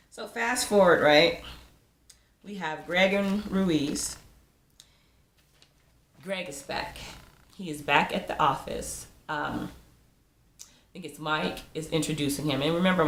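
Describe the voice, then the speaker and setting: Woman, deep voice, casual TV episode review, roomy echo. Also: creaky, a little hiss or hum. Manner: chatty, laughs often, acts out quotes. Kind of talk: casual TV recap.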